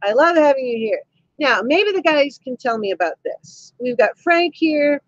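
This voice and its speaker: A woman's voice: sits high, expressive, moderate pace, no room sound, highs cut off. A woman hosting a live stream from home, chatting cheekily with viewers, laughing often as she reads their comments. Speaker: livestream host. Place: indoors at home. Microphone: camera mic.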